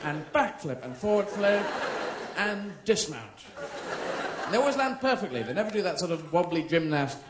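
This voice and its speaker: A man in his thirties with a British accent, doing live stand-up in a theatre, rambling through surreal tangents with swearing and quick silly voices. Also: high voice, very animated, heavy background noise. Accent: British English. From Britain. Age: 30s. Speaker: stand-up comedian. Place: theatre stage before a live audience. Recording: echoey theatre with loud audience laughter.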